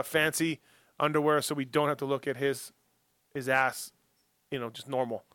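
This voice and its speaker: A man hosting a casual radio talk show, joking and running a quick-fire timed segment. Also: medium pitch, steady tone, bright, forceful tone, smooth, dry recording, clean studio sound. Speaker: podcast host.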